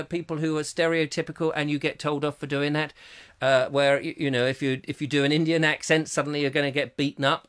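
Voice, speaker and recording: A man's voice: fairly high pitch, pushed and bright. A man hosting a live comic chat show, rambling and jokey and often breaking off mid-sentence. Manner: rambling, jokey, self-interrupting. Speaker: host.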